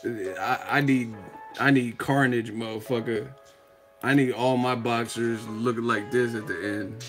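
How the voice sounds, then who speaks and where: A man hosting a live show, talking casually with a profane, animated manner and frequent laughter. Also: mid-range voice, unhurried, over music. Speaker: host.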